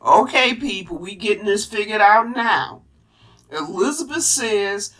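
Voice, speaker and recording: A woman's voice: mid-range voice, animated, a little slow, a bit bright. A woman hosting a casual review of a classic TV show, chatting straight to her viewers. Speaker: TV review host. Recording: distant mic with faint music.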